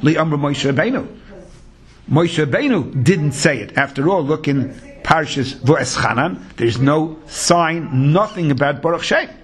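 Teaching Talmud in Yeshivish English, this rabbi sing-songs his way through the text, mixing in Hebrew and Yiddish vocabulary. He speaks with an animated, fairly high voice and takes his time.

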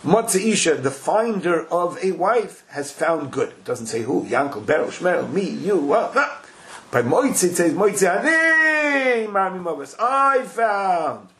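A man with a somewhat high, gravelly voice leads a Talmud class. He is animated, acts out the quoted dialogue, and weaves Hebrew and Yiddish terms into his English. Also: measured pace. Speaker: Torah class teacher.

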